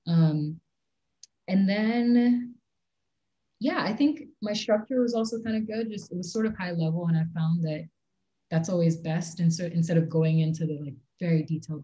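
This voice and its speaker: A low-voiced woman answers mock job interview questions at a quick clip, sprinkling her sentences with "like" and "um." Her tone is soft and mellow. The recording sounds a little dull and lo-fi. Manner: fast-talking with frequent "like" and "um" fillers. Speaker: interview candidate.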